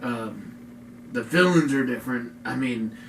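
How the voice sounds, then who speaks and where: Slow, laid-back man in an echoey room. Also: medium pitch. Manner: laid-back, rambling, lots of "like". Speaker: podcast co-host. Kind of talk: casual chat. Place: room in a home. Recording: echoey room, distant mic, faint noise.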